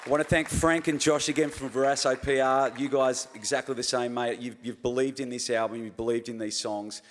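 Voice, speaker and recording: A man's voice: medium pitch, fairly even intonation, a little fast, hardly any pauses. An Australian man giving an emotional acceptance speech at an awards show, stumbling over his words and repeating himself as he thanks people. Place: large awards hall with live audience. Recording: long hall reverb, faint crowd.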